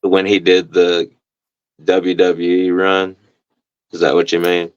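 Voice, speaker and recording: A man, a professional wrestler, talking casually in an interview and telling stories in a relaxed way, acting out other people's voices. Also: low-pitched, slow, smooth, no room sound, highs cut off. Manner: relaxed storyteller, acts out the other voices in quotes.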